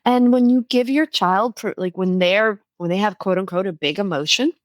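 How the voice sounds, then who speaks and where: A woman's voice: medium pitch, moderate pace, dry recording. A woman guest on a podcast explaining her healing method in an earnest, explanatory way. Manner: earnest, explanatory, animated when making points. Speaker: guest, inner child healing coach.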